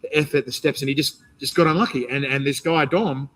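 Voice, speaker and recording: A man with an Australian accent hosting a casual interview, talking in a rambling, animated way with many restarts. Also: medium pitch, a little fast, poor audio. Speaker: interview host and competition organizer. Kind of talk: casual interview chat, live stream.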